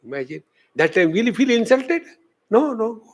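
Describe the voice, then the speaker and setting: A man's voice: high-pitched, normal speed. A man with an Indian English accent giving a spiritual discourse as a swami, telling stories and acting out the voices of the people in them. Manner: animated storytelling, acting out quoted voices. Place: lecture hall.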